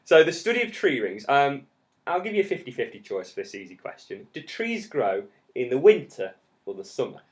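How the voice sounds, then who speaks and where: A man's voice: mid-range voice, big pitch swings, fairly quick. A man in his thirties who teaches geography, explaining step by step with jokes in a casual podcast. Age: 30s.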